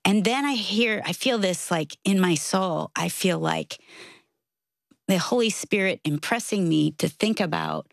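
A middle-aged woman with a creaky, slightly low voice and a dry, close sound. She tells personal stories in a relaxed faith conversation, slipping into the voices of the people she quotes. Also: measured pace, dry recording. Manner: storytelling, acts out quoted voices.

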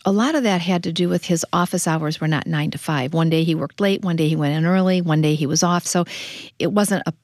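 A woman who is a guest on an interview, the mother of the family, explaining events in a quick, earnest way. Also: fairly low pitch, darkish tone, no echo, clean studio sound. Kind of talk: personal testimony in a faith interview.

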